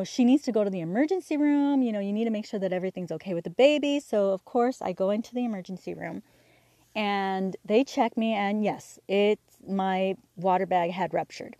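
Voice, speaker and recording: A woman hosting a podcast, telling a personal story candidly, halting with fillers and restarts and acting out the dialogue. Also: mid-range voice, mellow, dry recording. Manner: acts out quoted dialogue. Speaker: podcast host.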